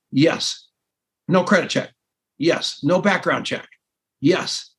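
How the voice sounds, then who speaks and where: An older man tells a rambling, self-mocking tale, jumping between his own lines and the other people's. His voice is husky and sits a little high for a man. He tells it like a podcast host who loves the story. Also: normal speed. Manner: self-mocking, acts out both sides of conversations. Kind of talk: animated storytelling.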